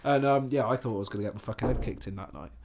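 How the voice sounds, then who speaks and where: English man, sofa-chat guest, animated storyteller, swears a lot, mid-pitched voice. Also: rapid-fire, slight background noise. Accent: Bristol English. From England. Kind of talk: casual chat, storytelling anecdote.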